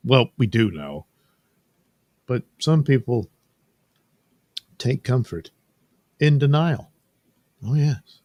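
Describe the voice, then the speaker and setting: A man's voice: mid-range voice, sing-song, slow, long pauses, darkish tone, no room sound. A man casually narrating his drawing process with rambling, wry, sardonic asides. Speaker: cartoonist and channel host.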